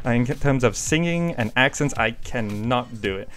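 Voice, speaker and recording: In this casual Q&A vlog, a gaming channel host responds to viewer questions at a moderate pace, rambling and hesitating often. His medium-pitched voice is expressive and a bit bright, recorded on a desk mic over faint background music.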